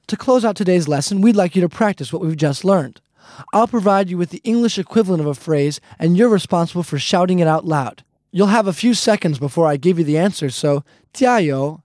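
A man's voice: high voice, a little mellow, dry recording, studio quality. A man teaching a casual language lesson, friendly and repetitive, often calling the listeners "guys". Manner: friendly, repeats points, calls listeners "guys".

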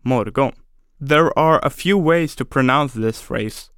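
A man teaching a scripted language lesson, speaking slowly and deliberately and repeating words syllable by syllable for pronunciation drills. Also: medium pitch, fairly bright tone, clean tone, no echo, studio quality.

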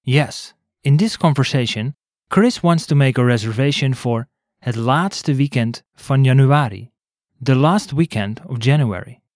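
A man co-hosting a scripted language lesson, explaining clearly and spelling words out letter by letter. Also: mid-range voice, measured pace, a little mellow, dry recording, studio quality.

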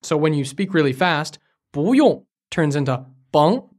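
A man co-hosts a language lesson podcast from a studio in Beijing, playing the curious learner who asks for examples. His voice is fairly high, sing-song and a little mellow, and he takes his time.

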